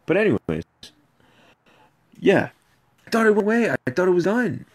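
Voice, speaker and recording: A man in a played clip tells a rambling personal story, animated and repetitive. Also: sits high, normal speed. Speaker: video subject ranting about an ex.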